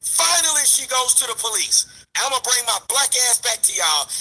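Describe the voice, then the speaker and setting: A man's voice: very high voice, big pitch swings, moderate pace, bright, forceful tone, soft background music, rough recording. A man ranting to his viewers in a heated, profane, mocking way, speaking straight to the audience. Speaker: commentary vlogger. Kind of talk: ranting commentary.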